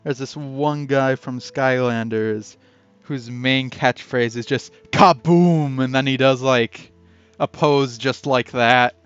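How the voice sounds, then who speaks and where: A man's voice: mid-range voice, fairly even intonation, slow, fairly bright tone, clean tone, dry recording. A man reading a text game aloud in a casual playthrough, chatty and breaking off to add his own comments. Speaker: game player and narrator. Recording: dull lo-fi audio with faint music.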